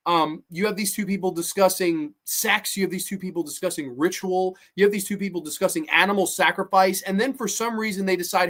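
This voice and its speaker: Host for a horror film review show: sarcastic, swears constantly, incredulous rant with sudden loud outbursts. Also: mid-range voice, fairly quick, hardly any pauses. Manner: animated outbursts. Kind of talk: ranting film recap.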